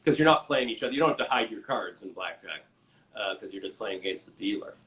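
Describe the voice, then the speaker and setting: A man, an actor and improviser, chatting as a guest over a video call, relaxed with many fillers. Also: fairly low pitch, quick pace, a little hiss or hum, poor audio. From Canada. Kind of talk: casual chat.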